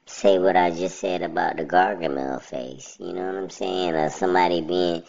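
A man hosting a casual solo podcast through a pitched-down robotic voice filter. He talks bluntly and rambles, often asking "you know what I'm saying". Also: moderate pace, gravelly, hardly any pauses, darkish tone, lo-fi sound. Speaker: podcast host.

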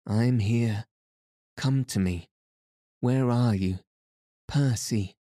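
Guy doing a desperate young noble wife, pleading, breathy, slow dark voice. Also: mid-range voice, no room sound, studio quality. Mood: frantic. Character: frantic young aristocratic wife.

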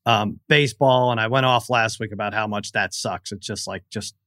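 A middle-aged man co-hosting a casual podcast chat, telling stories with animated energy. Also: lowish voice, normal speed, no room sound, clean studio sound. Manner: animated storyteller who acts out his own yelling. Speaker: co-host.

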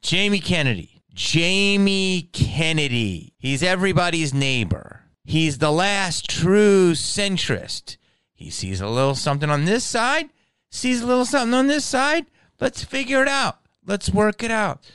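An over-the-top promo announcer, smarmy and hyped, swooping way up high in a sing-song voice, as a man puts it on. The voice stays smooth over a dry, close recording. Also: sing-song, a little slow, fairly bright tone, no echo, exaggerated voice.

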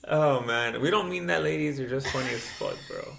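Gravelly young man rambling casually. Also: mid-range voice, brisk, echoey room, a crowd in the background. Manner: loose, profane storyteller with many fillers and "dude". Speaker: podcast host. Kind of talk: casual chat.

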